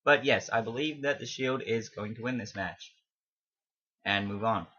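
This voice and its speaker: A chatty young man with a bright, forceful voice talks through his predictions with plenty of ums and little asides that amuse him. The sound is dull and lo-fi, like a home recording. He is not from America. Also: lowish voice, normal speed, husky. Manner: chatty, rambling with fillers and self-amused asides. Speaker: wrestling fan vlogger. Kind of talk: casual predictions vlog.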